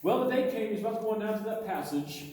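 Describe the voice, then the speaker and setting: Folksy tour guide in a cave. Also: male voice, sits high, lively intonation, fast talker, warm tone. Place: large underground cave. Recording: echoey cave from far off with faint noise.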